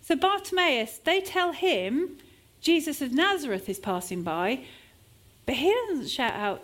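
A woman's voice: high voice, sing-song, measured pace, a bit bright. A woman preacher delivering a sermon at a church service, with shifting emphasis as she sometimes acts out desperate cries.

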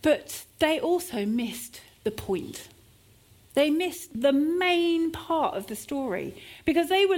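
A woman preaching a sermon in a church service, her voice a little high and swinging widely up and down. She leans into shifting emphasis and sometimes acts out desperate cries.

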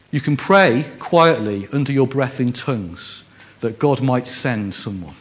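A man with a broad Scouse accent gives a sermon that feels like a chat with friends. He pokes fun at himself and trips over his words, doubling back to restart phrases. His voice sits at an ordinary middle pitch. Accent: Scouse (Liverpool). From Liverpool, England. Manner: self-deprecating humor, frequent restarts. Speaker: preacher. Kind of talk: conversational sermon.

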